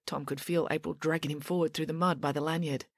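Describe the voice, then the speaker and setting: A woman narrating a children's story in an expressive, wry way. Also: low-pitched, fast, no room sound, clean studio sound. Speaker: audiobook reader.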